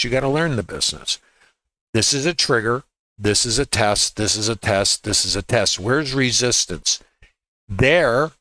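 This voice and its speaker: A man coaches viewers through a live chart in a bright, forceful voice. He hammers key words through repetition and keeps asking his audience rhetorical questions. The sound is close and dry, with no room in it. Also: lowish voice, dry recording, poor audio. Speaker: trading educator. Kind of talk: live trading chart walkthrough.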